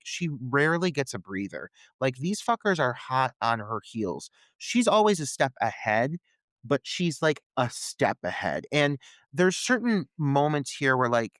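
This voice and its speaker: A man co-hosting a podcast, giving relaxed, wry commentary on a film with plenty of filler words. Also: medium pitch, no echo. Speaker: podcast co-host. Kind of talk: casual film discussion.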